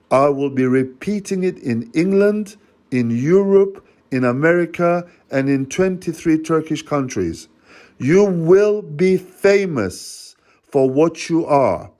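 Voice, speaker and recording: A man's voice: on the high side, darkish tone. A father on a phone call, accusing and confronting the person on the line in a heated rant. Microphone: phone call recording.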